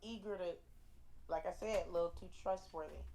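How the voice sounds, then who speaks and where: A woman's voice: lowish voice, fairly quick, warm tone, slight background noise. A woman in her early twenties, an interview guest, telling a story in a blunt, profane, emphatic way. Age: 20s.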